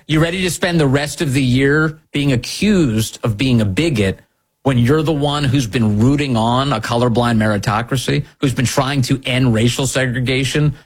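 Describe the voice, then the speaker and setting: A man's voice: medium pitch, husky. A man delivering an indignant, sarcastic opinion monologue as a commentary host, with an emphatic way of talking.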